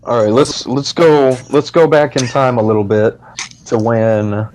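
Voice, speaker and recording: A man's voice: medium pitch, fairly even intonation, measured pace, darkish tone, a little hiss or hum. Man, podcast host, swears a lot, mock-exasperated interviewer, casual. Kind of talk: casual chat.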